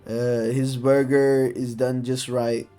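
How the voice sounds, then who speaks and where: A man talks at a slow, unhurried pace, stretching out a hesitant joke in casual stream chat. Faint music plays underneath. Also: medium pitch, flat delivery, warm tone, clean tone.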